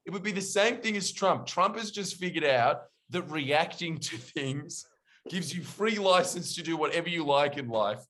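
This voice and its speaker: A man's voice: fairly high pitch, expressive, moderate pace, a bit bright. A man hosting a casual podcast chat, joking and riffing with his friends. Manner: joking, does mock impressions. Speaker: podcast host.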